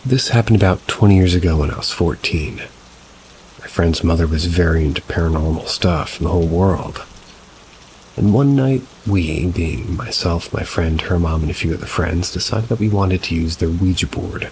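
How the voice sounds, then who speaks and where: A man reading reader-submitted paranormal stories as scripted narration, at a slow, measured pace. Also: deep voice, a little mellow, a little hiss or hum, rough recording. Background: rain.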